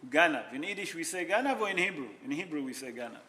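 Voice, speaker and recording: A man teaching an informal class as a rabbi, telling a story in an animated way. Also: a little high, fast. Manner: animated, mixes Hebrew and Yiddish terms, non-native grammar.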